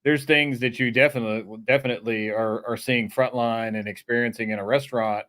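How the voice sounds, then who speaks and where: A man's voice: medium pitch, steady tone, fairly quick, fairly bright tone. A man hosting a podcast, talking casually and repeating words as he works through his point. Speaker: podcast host. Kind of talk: casual conversation.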